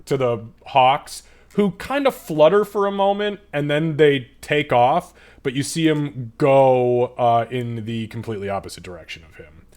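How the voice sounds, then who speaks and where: A man's voice: medium pitch, moderate pace, hardly any pauses, a little mellow. A man narrating a tabletop game as game master in a loose, profane, filler-heavy way.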